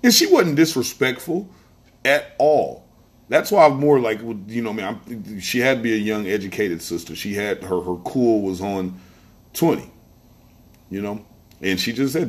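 A man's voice: medium pitch, lively intonation, moderate pace. A man hosting a podcast, telling a story in a casual monologue, emphatic and repeating phrases as he speaks straight to listeners. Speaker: podcast host.

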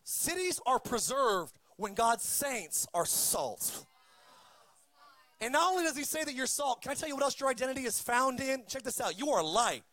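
High-voiced male preacher, dry sound. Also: sing-song, moderate pace, no room sound. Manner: emphatic preaching with amen calls and shouted peaks. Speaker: pastor. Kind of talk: sermon.

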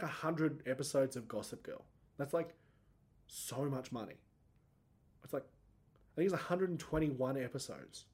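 A man's voice: mid-range voice, a little mellow. A man in his thirties hosting a solo podcast, rambling and self-mocking, his voice cracking upward when he gets emotional. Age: 30s. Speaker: podcast host.

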